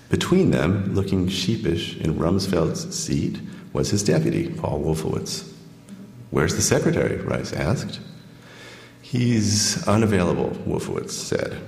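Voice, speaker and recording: A man, an author, reading from his book and then taking questions, measured when reading and full of fillers when answering. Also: extremely low pitch, creaky. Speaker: author giving a talk. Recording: echoey hall, long reverb.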